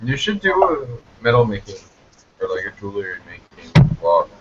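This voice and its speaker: A man's voice: lowish voice, sing-song, moderate pace, highs cut off, very noisy. A man joking and teasing as a guest in a casual group video chat.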